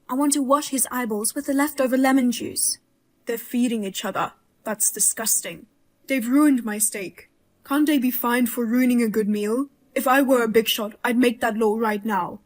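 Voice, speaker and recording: A woman's voice: a little high, fairly even intonation, moderate pace, close to an everyday voice. A woman voicing a blunt, outraged mother-in-law who jokes darkly and talks sharply. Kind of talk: dramatized story voice-over.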